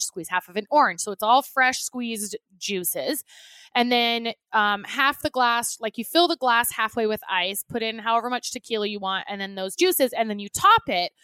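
A woman's voice: fairly high pitch, bright, forceful tone, clean tone, dry recording. A woman co-hosting a podcast in casual chat, chatty and gushing, recording from home apart from her co-host.

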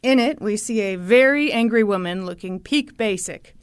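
A woman host telling a story in a lively chat, acting out the quotes. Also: mid-range voice, normal speed, clean tone, dry recording. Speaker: podcast host.

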